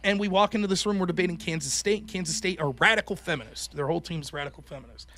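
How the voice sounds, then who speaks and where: A middle-aged man from Pennsylvania, hosting a call-in show and telling a profane, animated story that acts out every quote. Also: high-pitched, fast talker. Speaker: host.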